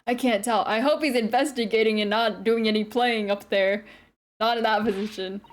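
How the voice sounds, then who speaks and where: A woman's voice: fairly high pitch, fairly even intonation, normal speed. A woman streamer casually chatting and joking with giggly, swearing asides while reading a visual novel aloud. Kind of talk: casual live-stream chat. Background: faint game music.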